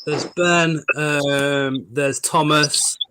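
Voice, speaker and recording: A man's voice: fairly high pitch, extremely slow. Laid-back man hosting a stream. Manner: short, relaxed replies. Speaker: host. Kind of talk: casual live-stream chat.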